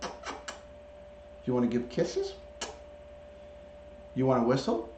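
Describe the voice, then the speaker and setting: A man's voice: mid-range voice, wildly swooping pitch, slow pace, a little mellow, slight background noise. A man hosting a casual livestream, coaxing his pet in baby talk and greeting viewers by name, picked up by a device mic rather than a clip-on. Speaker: livestream host. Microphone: camera or device mic, not clipped on. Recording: roomy, dull lo-fi stream audio.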